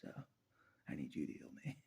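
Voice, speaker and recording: A man talking straight to the camera in a rambling casual monologue, often laughing and ranting out loud at God. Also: fairly quick, in a whisper. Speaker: vlogger.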